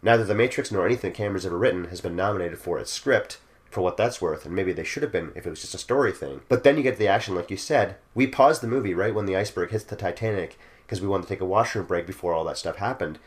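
A man with a very low, deep voice talks quickly through a casual podcast conversation. His delivery is opinionated and rapid, and he often drifts into mock quotes. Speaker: podcast co-host. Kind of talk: casual film discussion.

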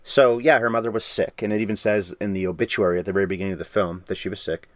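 Fast-talking man discussing a film. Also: on the low side, fairly even intonation, no room sound. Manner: quick, talkative, jokey asides. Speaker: podcast co-host.

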